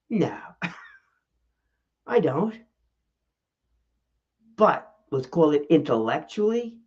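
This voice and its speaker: A man's voice: slow, creaky, pauses often, highs cut off. A man hosting his own talking-head vlog about public speaking, talking casually to the camera and asking lots of rhetorical questions. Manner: animated, rhetorical questions, shifts pitch for emphasis. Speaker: vlog host and speaking coach. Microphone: camera mic.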